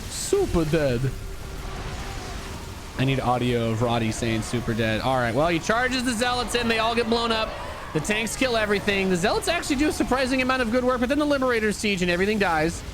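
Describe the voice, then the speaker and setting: A man's voice: high-pitched, lively intonation, quick pace, background noise. A young man giving casual, joking commentary on an esports replay as a streamer. He swings between hype and dry asides. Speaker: streamer and caster.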